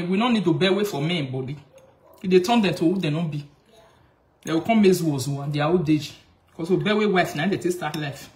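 On a live video, a Nigerian woman who comments on social media rants casually in a mocking, animated way, mixing Pidgin with local languages. Her voice sits on the low side, and the sound is roomy.

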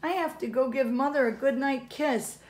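A woman's voice: high voice, normal speed, darkish tone, close to an everyday voice. A woman reading aloud, voicing a young boy who keeps stalling at bedtime in an earnest, pleading way.

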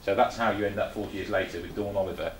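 Older english guy lecturing fast in a roomy hall, lowish voice, keeps asking "isn't it?". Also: steady tone, slight background noise. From England. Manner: chatty, asks rhetorical questions, restarts often. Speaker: presenter. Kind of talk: lecture to a small group. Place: meeting room.

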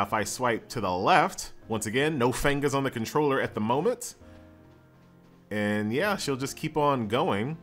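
A man's voice: fairly low pitch, a bit bright. A man hosting his own gaming channel, giving upbeat casual let's-play commentary and reading tutorial prompts aloud. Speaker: gaming YouTuber. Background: game music.

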